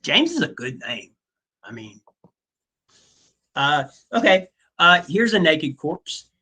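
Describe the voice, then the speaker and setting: A man's voice: fairly high pitch, sing-song, slow pace, sharp tone, slightly rough, low-quality recording. A man teaching a history class in a casual, joking way, with many fillers and asides. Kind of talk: classroom lecture.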